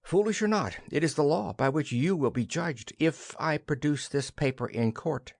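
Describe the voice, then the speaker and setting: A man's voice: a little high, moderate pace, creaky, no room sound, clean studio sound. A man voicing a stern middle-aged lawyer who blackmails, cold and threatening in tone.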